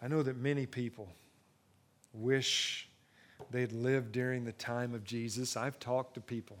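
A man preaching a sermon, swinging from hushed, intimate moments to rising excitement, often repeating and restarting phrases. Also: medium pitch, unhurried. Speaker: pastor.

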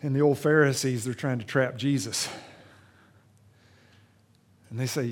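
A man preaching a sermon in a church, retelling a Bible story with dramatic swings between loud emphasis and hushed tenderness. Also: mid-range voice, steady tone, a little slow, pauses often. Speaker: pastor.

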